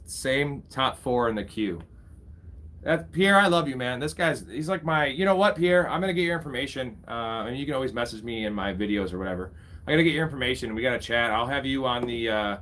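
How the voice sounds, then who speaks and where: A man's voice: mid-range voice, expressive, fairly quick, a bit bright. A young man casually commentating a live fantasy football draft, bantering with his chat and swearing freely. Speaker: fantasy football streamer host.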